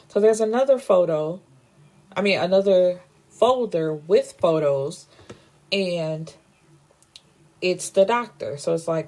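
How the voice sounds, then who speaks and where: A woman's voice: lowish voice, expressive, takes it slowly, pauses often, a little mellow. A woman giving a casual, chatty book recap, full of fillers and blunt opinions. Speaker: book reviewer.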